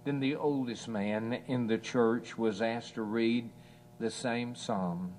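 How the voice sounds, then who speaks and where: Slow, earnest male preacher. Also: mid-range voice, steady tone, a little mellow, a little hiss or hum. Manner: slow, earnest, swelling on scripture quotes. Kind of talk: evening sermon. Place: church assembly.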